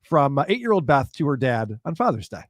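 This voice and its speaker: Animated joking male podcast host. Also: mid-range voice, a little fast, no echo, studio quality. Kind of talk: casual storytelling chat about true crime.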